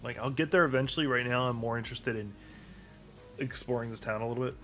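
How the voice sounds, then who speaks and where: A man's voice: mid-range voice, quick pace, pushed and bright, soft background music. Rambling, offhand let's play man. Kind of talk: casual gameplay commentary.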